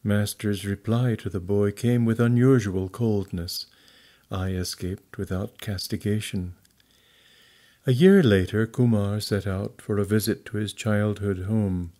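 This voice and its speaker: Low, mellow male audiobook narrator. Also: fairly even intonation. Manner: measured, deliberate reading. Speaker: audiobook reader. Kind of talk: scripted narration of a memoir.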